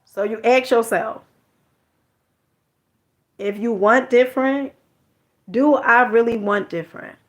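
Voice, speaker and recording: Woman vlogger, relaxed storytelling monologue, chatty and slangy, fairly high pitch. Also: slow pace, long pauses. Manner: chatty, repeats words, slangy.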